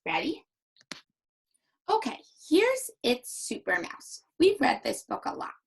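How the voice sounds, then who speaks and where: A young woman teacher giving a recorded reading lesson to young children, with exaggerated, animated demonstrations. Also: fairly high pitch, vocal fry, slightly rough, poor audio.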